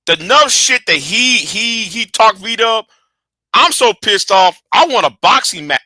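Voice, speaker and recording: Brief: bright, expressive male commentator, rambling and close-miked, dry sound. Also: high voice, normal speed, no room sound. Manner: animated, rambling, restarts, drops to mutters. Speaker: commentary host. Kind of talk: casual commentary.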